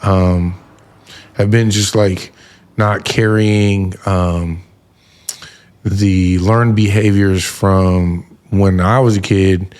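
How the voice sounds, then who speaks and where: A man's voice: deep voice, fairly even intonation, drawn-out words, a little mellow, smooth. A man hosting a podcast, telling a personal story in an earnest, heartfelt way. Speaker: podcast host. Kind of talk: casual podcast conversation.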